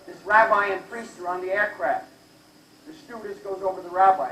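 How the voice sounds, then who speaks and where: An older male comedian with a high-pitched voice tells stand-up jokes in a brash, needling way. He is recorded from far off in a large, echoing live venue, with a faint hum of room noise behind him. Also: fairly even intonation, fairly quick, bright, forceful tone. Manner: brash, teasing the audience. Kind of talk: stand-up joke telling. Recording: echoey live hall from far off.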